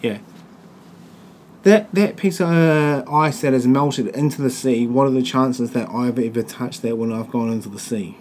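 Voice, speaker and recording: Hosting a laid-back podcast, a New Zealand man speaks at a moderate pace in a mid-range, slightly mellow voice over faint background noise. He jokes crudely and swears without restraint.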